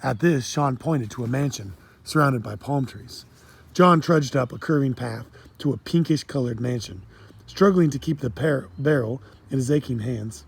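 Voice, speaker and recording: A man reading a children's storybook aloud in a steady, plain storytelling manner. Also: mid-range voice, normal speed, gravelly, breathy edge. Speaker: audiobook narrator. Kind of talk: storybook narration.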